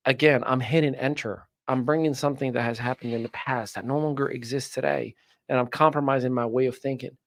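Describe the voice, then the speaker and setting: A man's voice: medium pitch, dry recording. A man hosts a casual talk on personal growth, with a mid-range voice recorded close and dry. He tells his stories with energy and acts out what other people said to him. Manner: animated storyteller, acts out quoted voices. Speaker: host, personal growth speaker. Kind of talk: casual chat.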